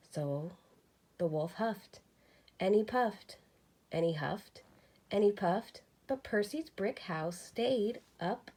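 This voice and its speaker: A woman teacher reading a children's storybook aloud with lively expression. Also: mid-range voice, takes it slowly.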